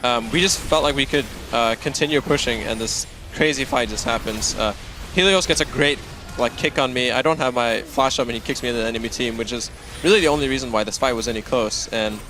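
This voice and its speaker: A man's voice: medium pitch, brisk, music in the background. A man answering post-match interview questions as a pro gamer, recounting plays in a candid, upbeat way.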